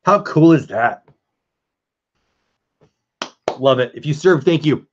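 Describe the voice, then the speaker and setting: A man's voice: a little high, lively intonation, normal speed, muffled recording, slight background noise. A man hosting a casual live stream, chatting with viewers and answering chat as he goes.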